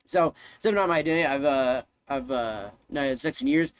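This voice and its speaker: A man's voice: medium pitch, a little fast, clear, resonant tone. A man live-streaming, ranting to his chat in a heated, profane way, often repeating himself.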